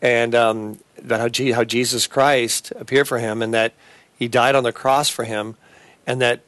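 A man hosting a Christian talk show and preaching, speaking in a halting way with many fillers and restarts. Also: mid-range voice, flat delivery, fairly bright tone, no echo.

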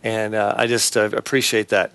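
A man hosting a Christian talk show, talking earnestly and haltingly, with many fillers and restarts. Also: on the low side, flat delivery, vocal fry, a bit bright, dry recording. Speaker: host.

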